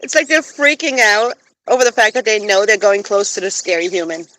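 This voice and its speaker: A woman's voice: medium pitch, fairly even intonation, brisk, a bit bright. A young woman live-streaming outdoors by phone, cooing in baby talk to her pet geese and chatting to viewers. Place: outdoors with geese and other animals.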